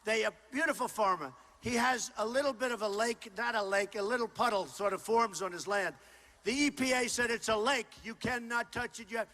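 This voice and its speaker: An older man addresses a rally crowd, his high-set voice forceful and tense. He talks off the cuff, repeats himself and keeps pushing the same points loudly. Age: 60s. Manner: loud, repetitive, ad-libbed crowd address. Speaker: political candidate. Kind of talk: campaign rally speech. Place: large rally hall.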